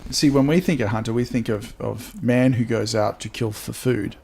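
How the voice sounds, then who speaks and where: A man hosting a casual interview in a home lounge room, mostly murmuring agreement and then explaining ideas in a measured way. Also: mid-range voice, fairly even intonation, vocal fry, darkish tone, slightly rough. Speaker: podcast host.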